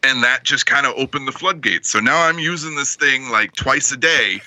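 A man telling an embarrassing personal story on a podcast, animated and laughing along as he goes. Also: medium pitch, moderate pace, poor audio. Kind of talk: casual storytelling.

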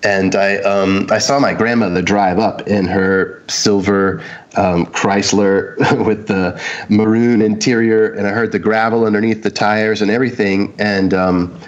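A man's voice: lowish voice, fairly even intonation, measured pace, dull audio. A man casually telling a personal story, meandering with lots of ums and likes and acting out the quotes. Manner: meandering, many "um"s and "like"s, acts out quotes. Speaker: guest sharing a personal story.

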